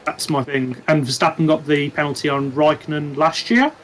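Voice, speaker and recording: A man with a fairly high voice, giving strong opinions in a casual podcast chat. He walks through what-if scenarios as he explains. Light noise sits in the background. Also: fairly even intonation, moderate pace, a bit bright, poor audio. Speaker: podcast co-host.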